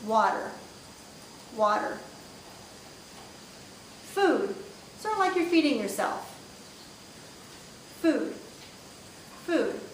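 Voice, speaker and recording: Brief: patient female sign-language teacher, slow deliberate delivery, slightly high voice, echoey room with distant mic and faint rumble. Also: very animated. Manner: patient, demonstrative, repeats each word slowly. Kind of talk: step-by-step instructional lesson.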